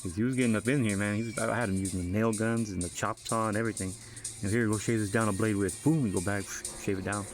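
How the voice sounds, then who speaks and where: A man's voice: on the low side, steady tone, fast talker, faint music behind. A man, a father, tells a rambling, profane story in a casual way, with many fillers. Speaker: father giving a family update.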